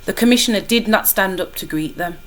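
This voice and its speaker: A woman teacher reading a children's novel aloud to her class in a lively, expressive way. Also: medium pitch, fairly quick, a little hiss or hum.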